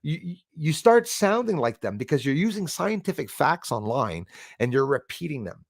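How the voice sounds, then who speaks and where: Gravelly, animated man hosting a live stream. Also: on the high side, moderate pace, dry recording, clean studio sound. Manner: rambling and emphatic, with many fillers. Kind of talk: casual live-stream talk, reading chat comments.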